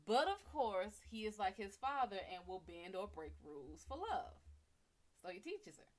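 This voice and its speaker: A woman host retelling a myth on a livestream in a slangy, profane, animated way. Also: medium pitch, normal speed. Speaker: psychic reader and host. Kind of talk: casual livestream storytelling.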